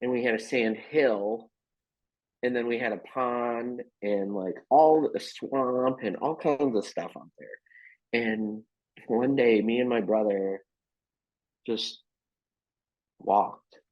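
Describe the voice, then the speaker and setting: A man sits in as a podcast guest and tells rambling stories, stopping for fillers and laughing often. He talks at an unhurried, drawn-out pace in a middle-pitched voice. The sound is dull and lo-fi. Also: darkish tone. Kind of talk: casual storytelling chat. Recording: muffled lo-fi podcast audio.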